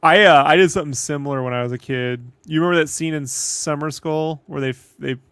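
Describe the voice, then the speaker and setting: Man, casual chat, bright forceful voice, slightly high, animated, dry sound. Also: fast, clear, resonant tone, no echo. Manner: animated, laughs through his stories.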